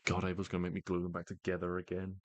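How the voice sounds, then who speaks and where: A man's voice: sits low, completely flat delivery, very fast, dry recording, natural voice. A man voicing a young, nervous, clumsy male tiefling barhand who stammers out flustered apologies. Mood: grateful.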